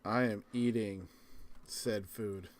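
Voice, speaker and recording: A man's voice: on the low side, fairly even intonation, slow, dry recording. Wry man playing a tabletop game. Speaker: player. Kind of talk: casual tabletop game play.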